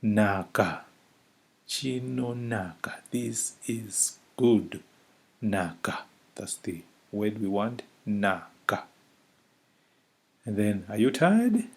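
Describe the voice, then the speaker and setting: A man teaching a vocabulary lesson, saying each word slowly and repeating it several times for the listener. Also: on the low side, expressive. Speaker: language teacher. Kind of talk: slow spoken vocabulary lesson.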